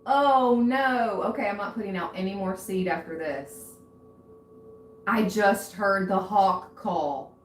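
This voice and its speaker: A woman's voice: mid-range voice, slow, a little hiss or hum. A woman giving a tarot reading in a casual, chatty way, easily distracted and often exclaiming aloud. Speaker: tarot reader. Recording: echoey room.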